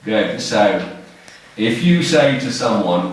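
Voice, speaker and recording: A man in his sixties with an English accent, teaching a class in simple, slow phrases and often checking that students follow. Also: fairly low pitch, big pitch swings. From England. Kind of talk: classroom lesson. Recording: echoey classroom, mic far off.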